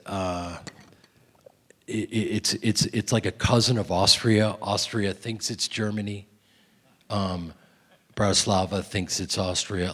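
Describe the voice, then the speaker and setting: A man, an actor, telling rambling, self-deprecating stories while answering audience questions at a film festival Q&A. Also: fairly low pitch. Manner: rambling, animated, self-deprecating, many restarts. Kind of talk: festival Q&A storytelling.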